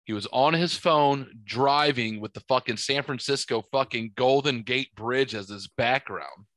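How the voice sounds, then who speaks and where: Bright-voiced man telling stories. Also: medium pitch, a little slow, no echo. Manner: animated, swearing, acts out quotes. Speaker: podcast host. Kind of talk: casual storytelling chat. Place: podcast studio.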